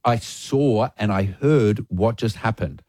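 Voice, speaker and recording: Man doing a gruff barman, low and warning, firm, bone-dry sound. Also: slow pace, darkish tone, dry recording. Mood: stern. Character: stern male barman, firm and suspicious.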